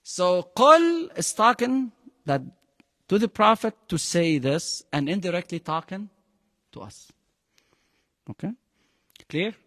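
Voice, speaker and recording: Higher-voiced man. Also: expressive, slow, long pauses, pushed and bright, long reverb tail. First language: Arabic. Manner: quizzes the class with frequent questions; emphatic, mixes Arabic phrases into English. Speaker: Quran teacher. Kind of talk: Quran lesson to a live class.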